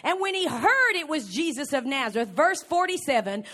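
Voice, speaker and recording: A woman preacher delivering a sermon, emphatic and building up to shouts. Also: high voice, big pitch swings, moderate pace.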